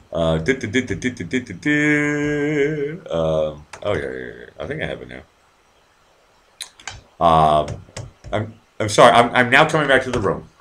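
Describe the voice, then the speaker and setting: Low-voiced, animated male stream host. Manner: rambling, profane, easily distracted; puts on silly voices for quoted comments. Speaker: live-stream show host. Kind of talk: casual live-stream chat, reading viewer comments.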